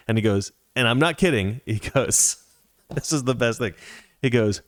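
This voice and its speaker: A man hosting a talk show, telling an anecdote in a casual, animated way and reading viewer comments, laughing often. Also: mid-range voice, moderate pace, no room sound, studio quality. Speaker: podcast host.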